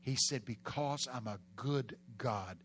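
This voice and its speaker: A man with a Texan accent, preaching a sermon in a folksy storytelling way, with bursts of loud emphasis. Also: medium pitch, takes it slowly, a little hiss or hum. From Texas.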